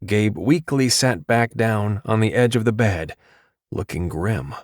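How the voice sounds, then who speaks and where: A man narrating an audiobook with a steady, measured delivery. His voice sits low, and the studio sound is close and dry. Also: no room sound.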